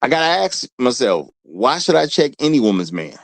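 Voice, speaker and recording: A man's voice: medium pitch, sing-song, normal speed, dry recording. Dry-voiced man hosting a casual livestream. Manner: loose, laughing, reads chat aloud, repeats phrases. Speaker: livestream host.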